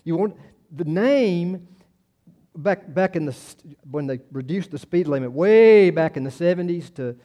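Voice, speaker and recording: A man's voice: fairly high pitch, lively intonation, unhurried, warm tone. A man in his sixties preaching a sermon in a folksy, conversational way, repeating words and telling personal stories. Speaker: pastor.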